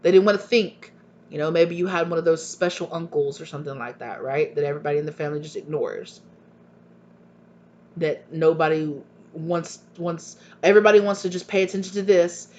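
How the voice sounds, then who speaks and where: A tarot reader speaks to his viewers in an earnest, emphatic way, repeating himself often and posing pointed questions. His voice is a little high and a little mellow, with fairly even intonation and a slightly fast pace. The recording is dull and lo-fi, with a faint hum.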